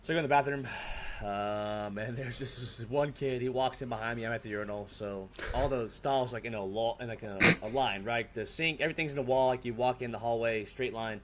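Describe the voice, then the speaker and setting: A man's voice: medium pitch, fairly quick, few pauses, noisy background. A man co-hosting a podcast, telling a story in a loose, profane way with lots of fillers. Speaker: podcast co-host. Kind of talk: casual chat.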